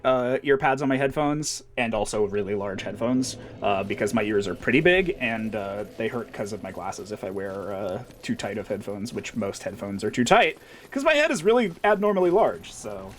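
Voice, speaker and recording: A man livestreaming and reading chat, rambling casually with wry, profane humor and lots of fillers. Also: fairly low pitch.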